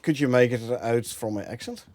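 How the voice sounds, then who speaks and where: A man's voice: mid-range voice, moderate pace, a little mellow, no echo. A man from the Netherlands with a Dutch accent, streaming a game and chatting with viewers, thinking aloud and laughing often. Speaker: gameplay streamer. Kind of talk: casual live-stream commentary.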